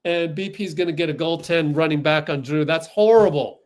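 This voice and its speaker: Excitable man calling a game live. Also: on the high side, normal speed. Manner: excitable, outraged at the refs. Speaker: fan livestream host. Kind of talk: live play-by-play commentary.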